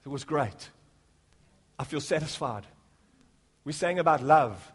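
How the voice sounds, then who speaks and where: Pastor, male, high-pitched; jokey banter building into fervent sermon. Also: expressive, measured pace, breathy edge. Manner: jokey, rising to fervent preaching. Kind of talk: sermon with prayer. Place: church.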